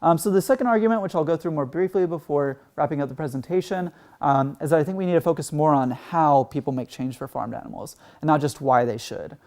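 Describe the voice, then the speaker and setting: A man's voice: on the high side, fast talker, darkish tone. A man from Texas giving an earnest conference talk, full of "um" and "like" fillers. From Texas, United States. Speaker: conference speaker.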